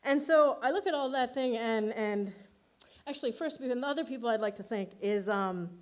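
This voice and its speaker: A woman with a somewhat high voice gives an award acceptance speech. She talks in a loose, chatty way, full of filler words, and laughs at herself often. Her tone is self-deprecating. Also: normal speed.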